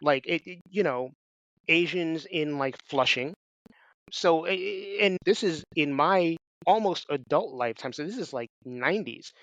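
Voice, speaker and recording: A man's voice: a little high, animated, measured pace, fairly bright tone, no echo. A man in his forties from New York, hosting a podcast, talking in an emphatic, blunt, casual way. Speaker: podcast host. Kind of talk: casual conversational interview. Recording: slightly dull, lo-fi sound.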